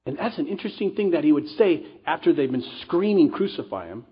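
A middle-aged male pastor delivering a sermon in a church, with a husky, slightly breathy voice. He preaches earnestly but conversationally, slipping into casual asides. The recording sounds dull and lo-fi. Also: a little high, expressive, a little fast.

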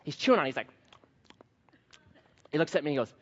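Man, 30s, pastor, sermon, animated storytelling, acts out voices, long hall reverb, muffled sound. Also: a little high, fast.

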